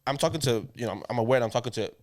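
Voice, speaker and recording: A man's voice: medium pitch, racing. A young man with an Irish accent, co-hosting a casual podcast chat and rambling with lots of "do you know what I mean". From Ireland. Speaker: podcast co-host.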